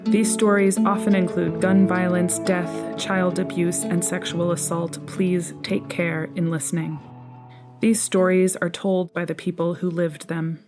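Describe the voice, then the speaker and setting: A woman host introducing a podcast in scripted narration, with an even, measured delivery. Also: lowish voice. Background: guitar music.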